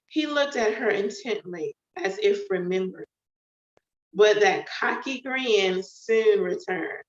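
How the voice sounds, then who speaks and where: A woman author reading her own novel aloud in an unhurried, deliberate way. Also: medium pitch. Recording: echoey, dull home recording.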